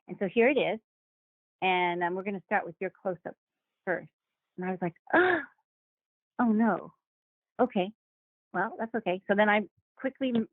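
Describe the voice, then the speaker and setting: Woman guest, lively anecdote-teller, tinny dry call audio, average pitch. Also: dry recording. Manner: animated, acts out quoted voices with laughs. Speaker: guest actor. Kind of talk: casual interview storytelling.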